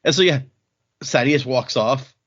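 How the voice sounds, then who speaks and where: A man's voice: medium pitch, measured pace. A man hosting a casual podcast chat, retelling scenes from a novel and acting out what the characters say. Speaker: podcast host. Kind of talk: casual book-discussion chat. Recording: dull lo-fi audio.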